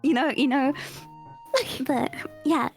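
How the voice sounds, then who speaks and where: British woman host, high bright voice, giggly casual chat, soft music under. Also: steady tone, takes it slowly. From United Kingdom. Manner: giggly, chatty, many fillers.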